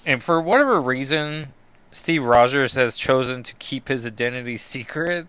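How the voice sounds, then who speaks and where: A man's voice: medium pitch, expressive, normal speed, a bit bright, clear, resonant tone, no room sound. Rambling man recapping comics. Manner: rambling, filler-heavy, self-deprecating. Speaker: comic book podcast host.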